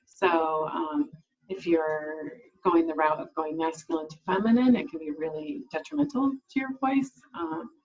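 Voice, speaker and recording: Husky-voiced woman explaining voice therapy. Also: on the low side, muffled recording. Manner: explanatory, with frequent "um" fillers and restarts. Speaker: speech language pathologist. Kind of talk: informational talk to camera.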